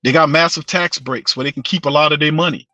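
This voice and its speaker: A man's voice: on the high side, steady tone, fast talker, pushed and bright, no room sound, soft background music. A man hosting a sports show, ranting with passion and slang, calling his listeners fam and bro. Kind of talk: fired-up sports fan rant.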